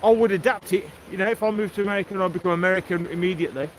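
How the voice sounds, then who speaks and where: An English-accented man with a high voice talks at a racing pace while hosting a walking livestream along a coastal path. He's chatty and joking, laughing often, with outdoor noise in the background.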